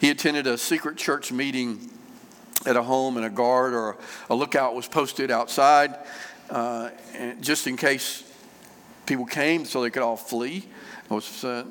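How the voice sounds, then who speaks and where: A pastor preaches a sermon in an easy, conversational way, pausing on fillers and going back over his phrases. His middle-pitched, slightly bright voice keeps a fairly even intonation at a measured pace. A long reverb trails each phrase, like the sound of a church hall.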